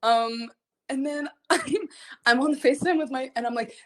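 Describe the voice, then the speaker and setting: A young adult woman telling a story to fans in casual livestream chat, animated and full of fillers, laughing often between phrases. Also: sits high, normal speed. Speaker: singer chatting with fans.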